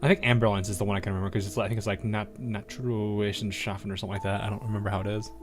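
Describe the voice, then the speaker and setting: A man's voice: fairly low pitch, level tone, very fast, music in the background. An American man giving casual commentary while playing a game, rambling into asides and laughing often. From United States. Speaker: game streamer.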